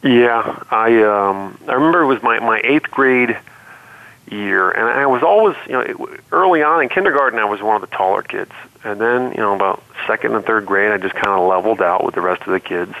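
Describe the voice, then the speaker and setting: A middle-aged man from the Cleveland area, an interview guest telling relaxed, rambling stories with many fillers. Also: fairly low pitch, a little fast, vocal fry. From Cleveland, Ohio area. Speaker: interview guest, former pro basketball player. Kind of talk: storytelling in conversation. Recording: tinny phone-line sound.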